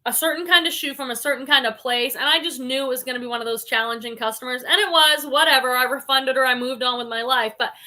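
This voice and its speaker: A woman's voice: high-pitched, quick pace, hardly any pauses, bright, forceful tone. A woman hosting a casual livestream, chatting freely with lots of "like" and "um" and reading viewer comments aloud. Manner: frequent "like" and "um" fillers. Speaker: reseller livestream host.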